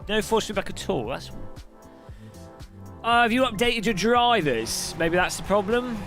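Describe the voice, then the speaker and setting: Lively streamer man. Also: sits high, unhurried, soft background music. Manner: chatty, reads chat aloud, laughs often. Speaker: sim racing streamer. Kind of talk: casual live-stream chat.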